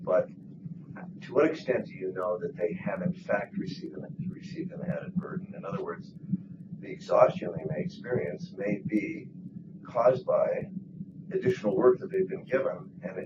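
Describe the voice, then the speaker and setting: Deep-voiced man probing from the audience. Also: wildly swooping pitch, normal speed. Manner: probing, carefully rephrasing. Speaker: audience member asking a question. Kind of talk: academic Q&A question. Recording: distant, lo-fi, noisy room.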